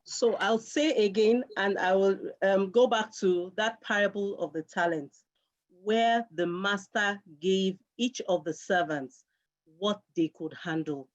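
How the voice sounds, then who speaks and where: A middle-aged woman speaks earnestly about parenting, driving points home by repeating key phrases. Her voice sits at an ordinary pitch. The recording sounds dull and lo-fi. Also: unhurried. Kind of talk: conversational advice talk.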